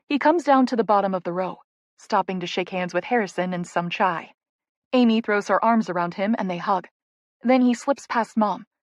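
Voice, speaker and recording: A woman's voice: medium pitch, no room sound. Woman narrating a romance audiobook, dry sound.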